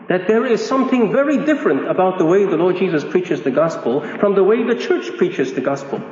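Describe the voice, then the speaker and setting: A man's voice: high-pitched, darkish tone, slight background noise. A man preaching a sermon in a conversational, emphatic way, repeating key phrases. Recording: echoey hall, dull sound.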